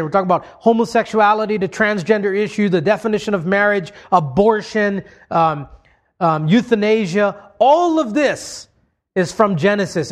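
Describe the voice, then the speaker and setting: A man preaching a sermon, explaining points to his congregation in a conversational way. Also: sits high.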